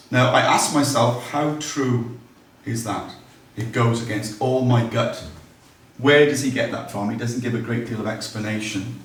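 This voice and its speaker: A local history speaker gives a public talk in a large, very echoey room, heard from some distance from the mic. He speaks at medium pitch and normal speed in a conversational way, with ums and restarts, occasionally reading quotations aloud.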